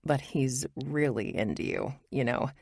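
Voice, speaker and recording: A woman's voice: rumbling low, unhurried, creaky, a little mellow, husky, no room sound, studio quality, heavily acted. A woman voicing a blunt, tipsy young woman friend.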